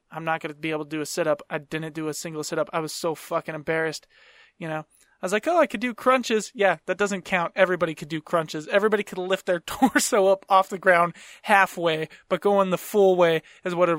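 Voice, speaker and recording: A man's voice: on the high side, fairly bright tone, dry recording, studio quality. A man hosting a podcast, telling stories in a casual, rambling way, swearing freely and laughing mid-sentence. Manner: profane rambling storyteller. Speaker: podcast host. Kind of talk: casual chat.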